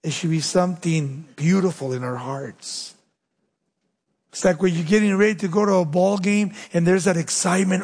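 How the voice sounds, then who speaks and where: A man preaching a sermon with emphatic delivery, dropping low and slow to stress key points. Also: a little mellow, husky, long reverb tail. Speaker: pastor.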